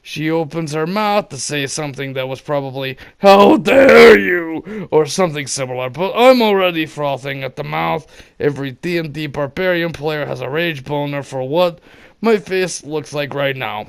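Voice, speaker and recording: A man reads a story aloud in a slightly high, gravelly voice. He drops in wry asides between passages, and when the story calls for it he shouts the lines out. It sounds like casual reading at home, not a polished production. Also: moderate pace. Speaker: reader of online stories.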